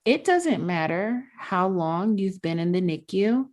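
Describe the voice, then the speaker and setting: A woman's voice: medium pitch, expressive, measured pace, darkish tone. A woman sharing her experience as a parent in a podcast conversation, earnest and reflective. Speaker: guest, NICU parent.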